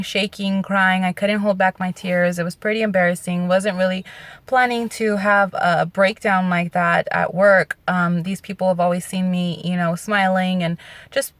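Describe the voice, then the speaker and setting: A woman's voice: medium pitch, no room sound. A woman telling a personal story in a vlog, earnest, candid and emotional. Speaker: vlogger.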